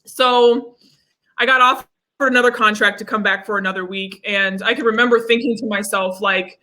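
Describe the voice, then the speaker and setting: A young woman speaks over a video call, her voice bright and forceful. She tells her story with energy and acts out the lines of other people as she goes. The tone stays casual and conversational. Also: mid-range voice, normal speed. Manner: animated storyteller, acts out quotes. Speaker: guest.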